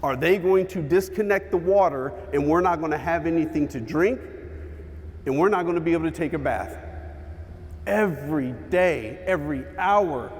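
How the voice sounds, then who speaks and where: A man giving a motivational keynote, telling a personal story with dramatic pauses and shifts in pace. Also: fairly high pitch, darkish tone, big-room sound. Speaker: keynote speaker. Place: large hall with an audience.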